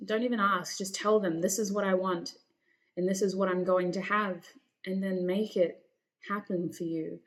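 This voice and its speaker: A woman talks straight to her viewers as she reads their tarot cards, reassuring and encouraging them. Her voice sits at a middle pitch for a woman, and she sometimes calls her listeners honey. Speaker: tarot reader. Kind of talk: encouraging tarot reading to camera.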